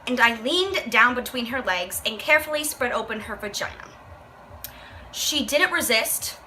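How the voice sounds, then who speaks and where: A woman's voice: fairly high pitch, animated, normal speed, sharp tone, a little hiss or hum, rough recording. A young woman vlogger reading a book aloud and reacting with profane, exasperated commentary. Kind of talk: casual rant, reading aloud.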